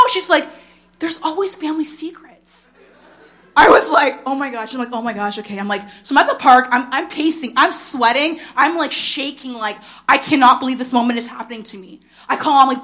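A woman in her thirties preaching a sermon, telling a personal story and acting out the dialogue. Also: brisk. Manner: animated storyteller, acts out dialogue with big pitch jumps.

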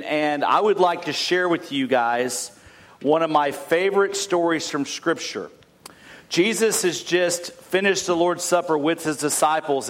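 A male pastor leading communion, telling a scripture story in a conversational way. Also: fairly high pitch. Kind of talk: sermon.

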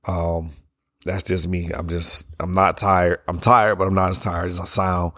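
Hoarse, blunt man podcasting solo. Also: deep voice, little pitch movement, measured pace, bright, forceful tone, no echo, clean studio sound. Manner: blunt, opinionated, loose and conversational; yawning between sentences. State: hoarse, strained voice from yelling. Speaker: podcast host. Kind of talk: casual solo podcast monologue.

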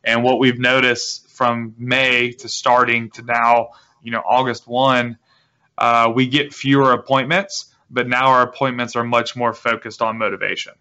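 A man guest explaining his business in a relaxed, rambling interview manner, with many restarts. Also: mid-range voice, unhurried. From South Carolina. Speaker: guest, real estate wholesaler. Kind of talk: casual interview talk. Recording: dull lo-fi audio.

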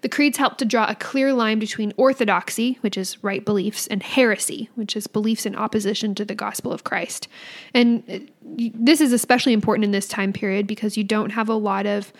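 A woman's voice: medium pitch, steady tone, brisk. A woman co-hosting a casual podcast about faith, speaking earnestly and with animation. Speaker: podcast co-host. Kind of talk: casual religious discussion.

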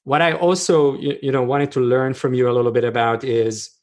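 A man's voice: medium pitch, fairly even intonation, darkish tone. Man, podcast host, mid-range voice, hesitant, restarts often. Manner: halting questions with repeated restarts. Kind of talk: conversational interview.

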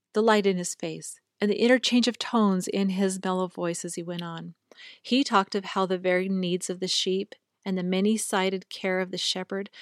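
A woman reading a book aloud in a calm, measured and reverent way. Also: mid-range voice, no echo, clean studio sound. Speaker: reader.

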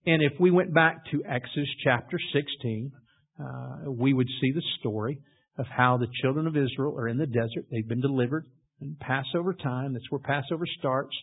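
A man preaching a sermon, retelling scripture in a storytelling way and building to loud emphasis. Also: mid-range voice, normal speed, slightly rough. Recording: tinny phone-like audio.

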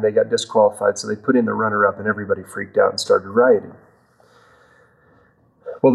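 A man as a podcast guest, earnestly retelling his conversations with God in a loose, animated way with fillers and restarts. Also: lowish voice, vocal fry, rough recording. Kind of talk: storytelling in a podcast interview.

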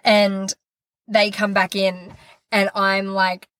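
A woman in her thirties chats on a podcast in a voice of middling pitch, bringing her story to life by acting out what everyone said. The sound is close and dry, with no room around it. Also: slow, no room sound. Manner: animated storytelling, acting out quoted dialogue. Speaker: podcast co-host. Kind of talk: casual chat.

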